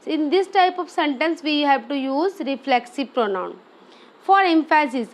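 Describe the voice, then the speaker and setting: A woman's voice: high-pitched, animated, unhurried. A woman teaching a grammar lesson, explaining step by step and often checking with "okay?".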